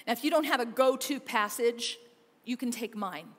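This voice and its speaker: A woman pastor preaching a sermon, emphatic, moving between loud urging and quiet, intimate passages. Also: a little high, moderate pace. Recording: long reverb of a church hall.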